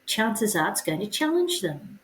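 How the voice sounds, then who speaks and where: A woman's voice: mid-range voice, very animated, normal speed. A woman co-hosting a podcast in casual chat, musing aloud and often exclaiming. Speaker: podcast co-host. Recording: roomy echo.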